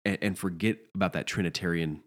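A man with a very deep voice talks over Bible passages in a casual, reflective way. He backs up and restarts often as he works through his thoughts. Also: steady tone, quick pace, a bit bright. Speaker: co-host in a pastoral discussion. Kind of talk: casual theological discussion.

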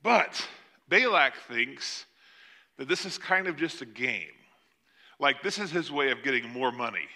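A man's voice: medium pitch, sing-song, unhurried, sharp tone. An older man preaching a sermon, retelling a scripture story in a conversational way with joking asides. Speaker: pastor.

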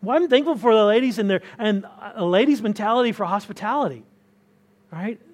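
A man's voice: high voice, lively intonation, fairly quick. A man preaching a conversational sermon to a church congregation, often restarting words and pressing his points with rising emphasis. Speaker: pastor. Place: church hall.

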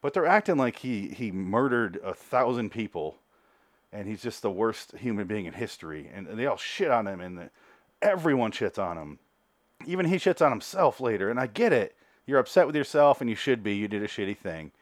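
Podcast host, male, lowish voice, loose and sarcastic, swears freely; dry close recording. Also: lively intonation, dry recording. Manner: rambling, sarcastic, acts out characters' lines in quick asides. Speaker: podcast host reviewing a TV show. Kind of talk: casual profane recap.

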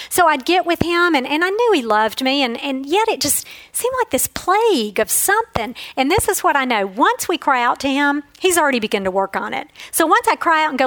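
Earnest high-voiced woman Bible teacher. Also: expressive, fairly quick, hardly any pauses, a bit bright, no room sound, rough recording. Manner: earnest, emotional, storytelling. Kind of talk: devotional teaching talk.

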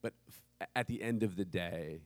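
A man's voice: deep voice, normal speed, a little mellow, no echo. A man in his thirties preaching a sermon, telling a family story casually and with humor. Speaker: pastor.

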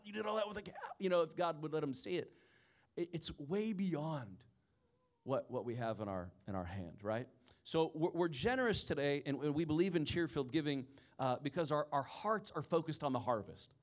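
A male pastor preaching a sermon with real fire. He drops to a near-hush for a story, then climbs to loud, slow, emphatic lines, and he trips over his words and restarts as he goes. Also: a little high, lively intonation. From rural area of the country. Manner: impassioned preaching, swinging from hushed storytelling to loud emphatic peaks; frequent stammered restarts.

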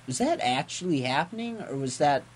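A man's voice: fairly high pitch, a little fast. A man co-hosting a podcast, casually retelling a comic story with frequent laughter and acted-out quotes. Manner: giggly, animated retelling of a comic, acts out quotes. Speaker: podcast co-host.

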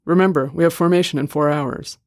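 A man voicing a gentle young woman, an army officer's wife, speaking softly. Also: fairly high pitch, steady tone, brisk, dry recording, clean studio sound, natural voice. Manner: soft and gentle.

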